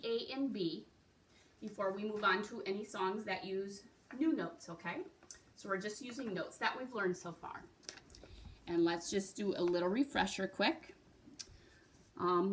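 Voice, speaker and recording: Slow, patient woman teaching recorder. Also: mid-range voice. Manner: patient, encouraging, checks in with "right?" and "okay?". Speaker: music teacher. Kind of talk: beginner recorder lesson.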